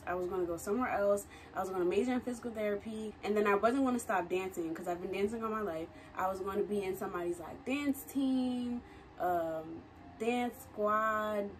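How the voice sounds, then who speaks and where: A woman's voice: medium pitch, far from the mic, a little hiss or hum. A woman in her twenties, a recent college graduate, chatting casually to camera in a vlog, laughing often and using slangy asides. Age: 20s. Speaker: vlogger. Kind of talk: casual talking-head vlog.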